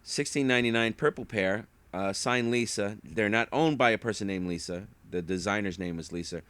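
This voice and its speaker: A man's voice: on the low side, moderate pace, fairly bright tone, clear, resonant tone, dry recording. A man chatting casually as an online reseller, rambling through stories and acting out what people said. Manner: rambling storyteller who acts out quotes. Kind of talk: casual chat.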